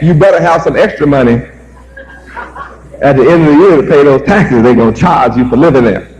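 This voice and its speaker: A man's voice: a little high, fairly quick, a little mellow, poor audio. A man preaching a sermon, emphatic and repetitive, firing rhetorical questions at his listeners.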